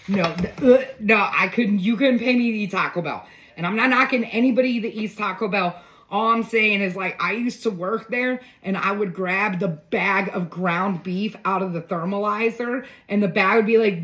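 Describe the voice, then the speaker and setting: A woman's voice: lowish voice, fairly bright tone, slight background noise, rough recording. A woman chatting casually through a cooking demo in her home kitchen, full of joking asides. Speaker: home cook.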